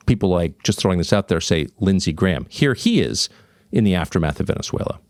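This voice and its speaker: A man's voice: sits low, expressive, brisk, a little mellow, dry recording, clean studio sound. A man hosting an opinion monologue, sardonic and mocking. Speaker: host.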